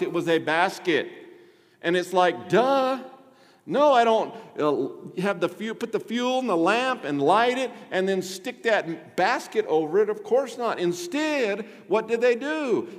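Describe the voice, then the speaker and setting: A man preaching a sermon in a fairly high voice, leaning hard on rhetorical questions and drawn-out emphasis. His voice rings through a church with a long, lingering reverb. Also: fairly bright tone. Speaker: pastor.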